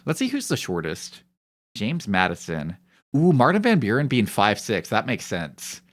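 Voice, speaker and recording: Joking, animated low-voiced male streamer. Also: normal speed. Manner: joking, rambling, profane banter. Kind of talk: casual chat on a live stream.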